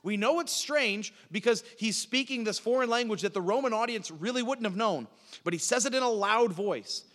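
A man's voice: high voice, moderate pace, fairly bright tone, in a large hall. A man teaching from the Bible in sermon style, asking his listeners questions and answering them himself, often repeating words as he goes. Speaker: preacher teaching a Bible class.

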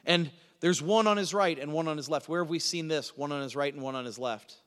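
A man preaching a sermon, teaching through a Bible passage with emphatic delivery that swings from loud to hushed. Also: a little high, brisk, in a large hall.

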